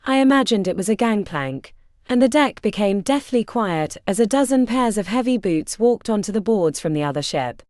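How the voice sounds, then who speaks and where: A woman narrating a fantasy audiobook in the first person, her pitch rising and falling freely. She voices the story with expressive shifts between scenes. The sound is close and dry, with no room around it. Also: moderate pace, dry recording. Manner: expressive, varied character voicing.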